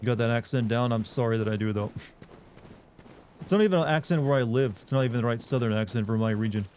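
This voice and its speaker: A man streaming live gameplay, reacting loudly and swearing as he plays. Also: medium pitch, fast talker. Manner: excitable, swears a lot, reacts aloud to the game. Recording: game noise loud behind the voice.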